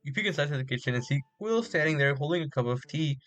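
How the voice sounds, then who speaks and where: A man's voice: on the high side, animated, quick pace, a bit bright, no echo, soft background music. A man playing a dating game, reading its text aloud and reacting with casual bemusement. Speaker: gaming streamer.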